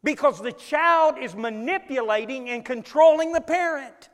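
A male preacher delivering an emphatic sermon, rising to loud peaks and dropping low again. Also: expressive, normal speed. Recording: long echo in a large hall.

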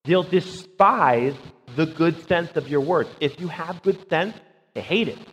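A man's voice: fairly high pitch, a little slow, husky. A man preaching a conversational sermon as pastor, emphatic and often checking in with a rhetorical "right?". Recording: dull sound with long hall reverb.

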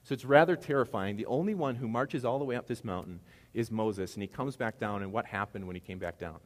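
A man's voice: on the low side, fairly quick. A man preaching a casual sermon, joking and asking the congregation questions. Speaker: pastor. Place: church sanctuary. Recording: long church reverb.

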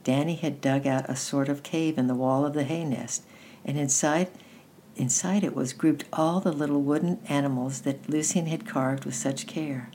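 A woman reading a children's book aloud in a gentle, unhurried way, with small restarts. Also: sits low, steady tone, a little hiss or hum. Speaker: storyteller.

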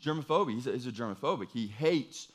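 A man's voice: medium pitch, expressive, fast. A young man preaching a casual, humorous sermon, chatty and joking, full of fillers like "like" and "you know".

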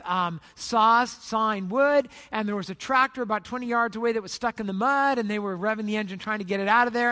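A pastor preaching a sermon, an animated storyteller whose voice rises loud in the busy parts and softens into slow appeals. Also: medium pitch. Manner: animated storyteller, rising loud when retelling chaos; trails off into soft, slow appeals at the close.

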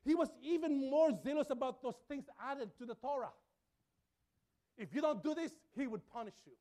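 A man's voice: very high voice, moderate pace, warm tone. A man preaching a sermon, emphatic and repetitive, with his volume rising and falling.

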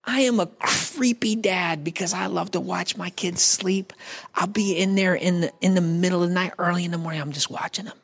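A man's voice: high voice, steady tone, normal speed, vocal fry, a bit bright. A man preaching a sermon in a conversational, joking way, talking straight to the congregation. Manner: acts out quoted voices. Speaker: pastor.

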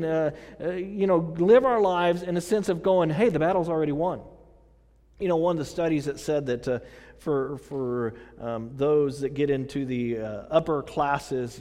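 A man's voice: medium pitch, warm tone, big-room sound. A middle-aged man preaching a sermon in a casual, conversational way, often repeating himself and using fillers. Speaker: pastor.

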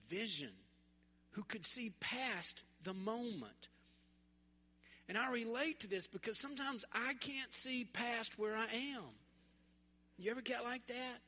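A man from West Tennessee, preaching a sermon in a relaxed, conversational, humorous storytelling way. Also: high-pitched. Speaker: pastor. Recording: echoey hall.

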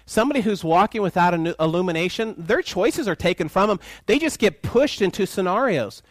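A man preaching with a lively, swooping voice that sits a little higher than most men's. He keeps asking the congregation questions and slips into little acted voices for the people in his stories. The sound is close and dry, with almost no room around it. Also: a little fast, dry recording. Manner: animated, asks the congregation questions, acts out voices in quotes. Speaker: pastor. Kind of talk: sermon.

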